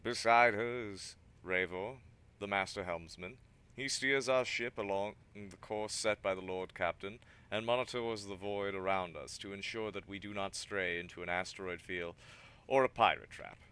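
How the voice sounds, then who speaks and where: A man's voice: lowish voice, normal speed, pushed and bright, clean tone. A man streaming a game, reading its dialogue and narration aloud and tripping over some words. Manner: stumbles over words, adds asides. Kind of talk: reading game text aloud with character voices.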